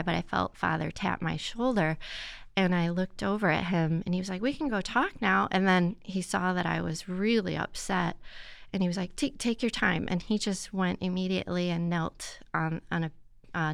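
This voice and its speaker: Woman guest, kinda low voice w a gravelly edge, earnest reflective storytelling, dry close sound. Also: no room sound. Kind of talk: personal testimony in conversation.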